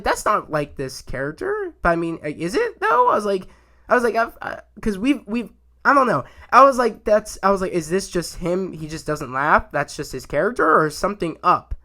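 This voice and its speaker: A young man talks through a TV episode in a loose, rambling way, piling up fillers and restarts as his excitement builds. His voice sits high for a man and has a bright, forceful edge. The delivery is unscripted and chatty. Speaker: YouTube show reviewer. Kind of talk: casual spoken review.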